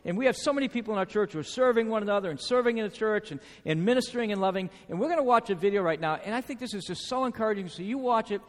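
A man's voice: high-pitched, expressive, rapid-fire, few pauses. A man preaching a sermon to his congregation, emphatic, repeating key phrases and asking the room questions. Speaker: pastor. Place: church sanctuary. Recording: reverberant church hall.

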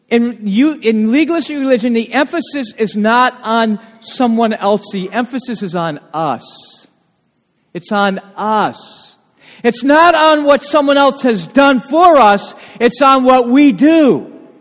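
A male pastor preaching a sermon, animated and full of rhetorical questions. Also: very high-pitched. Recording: long reverb of a church hall.

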